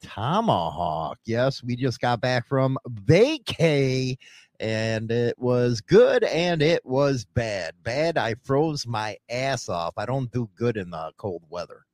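Lively, profane male podcast host. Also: medium pitch, takes it slowly, dry recording, studio quality. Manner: joking, profane, teasing. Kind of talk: casual chat.

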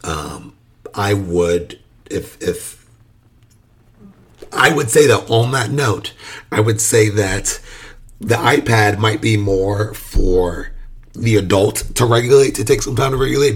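A man's voice: fairly low pitch, measured pace, husky. A man hosting a podcast, talking loosely about his work with young children, with lots of fillers and restarts. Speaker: podcast host; early childhood educator. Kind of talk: casual podcast monologue.

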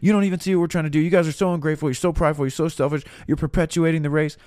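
A man puts on an indignant, scolding rant, pitched well above his usual voice. The words come fast and sharp, and the sound is close and dry. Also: steady tone, dry recording, lightly acted. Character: the speaker's own imagined furious rant.

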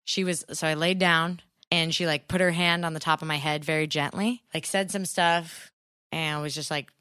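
A woman's voice: deep voice, fairly even intonation, moderate pace, sharp tone, smooth, no echo, studio quality. A young woman casually telling a long story, full of fillers like "like". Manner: rambling storyteller, many fillers like "like". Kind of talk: casual chat.

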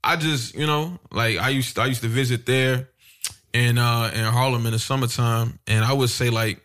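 A man's voice: medium pitch, fairly even intonation, normal speed, fairly bright tone. A man from Chicago co-hosting a casual podcast, rambling with many fillers and bursts of laughter. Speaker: podcast co-host.

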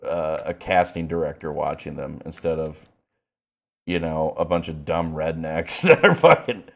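A man's voice: extremely low pitch, moderate pace, creaky. A young man co-hosting a podcast, talking in crude, mock-folksy, profanity-laced banter. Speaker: podcast co-host.

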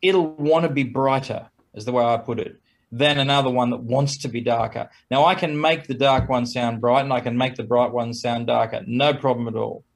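A man's voice: mid-range voice, normal speed, vocal fry. A man who plays trumpet, talking casually as an interview guest, chuckling between points and acting out quoted exchanges in a raised voice.

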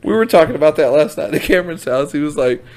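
A young man co-hosting a podcast, easygoing and quick to laugh along. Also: on the high side, animated, darkish tone, slight background noise. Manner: laid-back, agreeable, laughs along. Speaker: podcast co-host. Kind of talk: casual chat.

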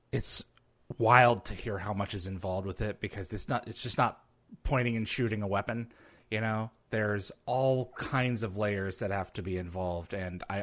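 Bright-voiced male show host. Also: lowish voice. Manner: friendly short questions and thanks. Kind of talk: live online interview.

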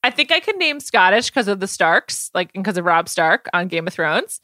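A woman co-hosting a podcast in casual chat, bubbly, laughing often and quick to agree. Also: medium pitch, big pitch swings, bright, forceful tone, no echo. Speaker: podcast co-host.

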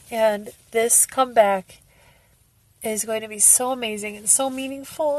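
A woman's voice: a little high, steady tone, normal speed, no room sound. A woman fan vlogger talking casually to viewers, emotional, gushing, and often laughing through tears. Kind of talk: casual fan vlog reaction.

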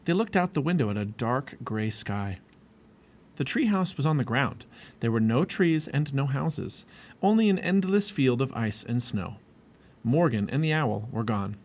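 A man reading a children's storybook aloud in an expressive, lively way. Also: medium pitch, a little slow. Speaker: storybook reader.

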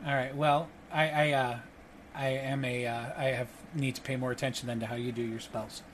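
A man's voice: mid-range voice, little pitch movement, moderate pace, noisy background. A man running a tabletop game as game master, narrating with many fillers and restarts.

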